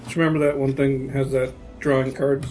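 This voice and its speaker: A man's voice: mid-range voice, flat delivery, brisk, a little mellow, soft background music. A man playing a tabletop card game, checking rules and damage numbers in casual chat. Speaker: player.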